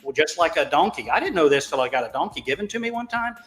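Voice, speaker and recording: A man's voice: fairly high pitch, sing-song, fast, a bit bright, long reverb tail, soft background music. A man, co-hosting a casual group chat, rambling through stories full of cursing and laughing at himself. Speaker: co-host.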